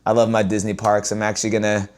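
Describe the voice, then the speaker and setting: A man ranting casually to his viewers as a vlogger, repeating himself and swinging from loud exclaims to low mutters. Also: completely flat delivery, fast talker.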